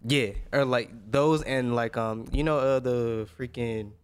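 A young man co-hosting a podcast, talking in a halting way full of fillers. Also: mid-range voice, fairly even intonation, clear, resonant tone. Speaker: podcast co-host. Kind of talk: casual chat.

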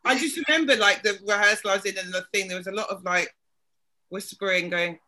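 A woman with a British accent talking on a podcast, speaking haltingly as she searches for words. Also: mid-range voice, bright, forceful tone. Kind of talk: podcast conversation.

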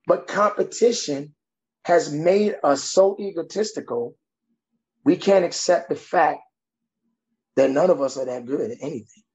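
A man's voice: a little high, measured pace, pauses often, a little mellow, lo-fi sound. A man who works as a coach, talking bluntly and emphatically in a conversation and giving tough-love advice. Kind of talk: podcast conversation.

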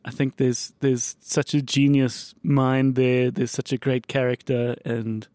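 A man hosting a podcast, chatting in a relaxed, reflective way. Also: mid-range voice, a little slow, dry recording. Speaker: podcast host. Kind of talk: casual podcast chat.

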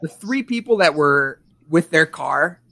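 Man, podcast host, slightly high voice, casual storytelling, rambling, swearing, lots of fillers. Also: lively intonation, unhurried, gravelly, sharp tone, dry recording. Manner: rambling, profane, many restarts and fillers.

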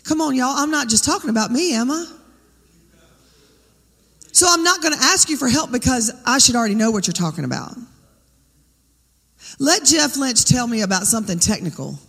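A woman's voice: a little high, animated, normal speed, pauses often, fairly bright tone, husky, long reverb tail. A woman preaching a sermon, talking conversationally and firing rhetorical questions at the congregation. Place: church sanctuary.

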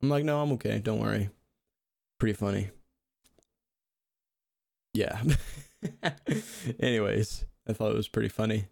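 A man's voice: lowish voice, slow, vocal fry, long pauses, a little mellow, dry recording, clean studio sound. A young man telling rambling, self-mocking comic stories in casual talk, laughing at his own jokes. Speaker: storyteller. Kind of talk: casual comedic storytelling.

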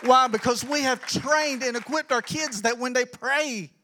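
A middle-aged man giving an energetic, preacherly church talk as a children's ministry pastor, rising to emphatic shouts. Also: extremely high pitch, a little slow, some chatter behind, a little hiss or hum.

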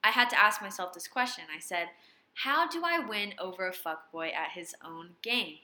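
A young woman co-hosting a casual chat, telling stories in an animated way and swearing freely. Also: medium pitch, normal speed. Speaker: podcast co-host.

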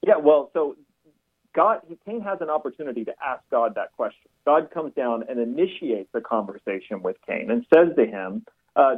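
A man, a pastor and author, talking as a guest on a radio interview in a measured, explanatory way over a narrow, phone-like line. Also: mid-range voice, expressive, breathy edge.

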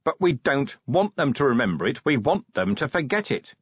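A male narrator voicing a gruff, short-tempered middle-aged police commander in an audiobook, with a growling, exasperated delivery. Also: mid-range voice, very animated, normal speed, no room sound, highs cut off, voice pushed up. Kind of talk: audiobook character voice.

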